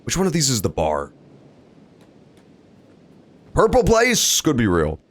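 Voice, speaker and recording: A man's voice: sits low, fast talker. A man streaming a video game, chatting casually and joking, often calling out to the characters on screen. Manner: animated, jokey, talks to game characters. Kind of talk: casual gameplay commentary.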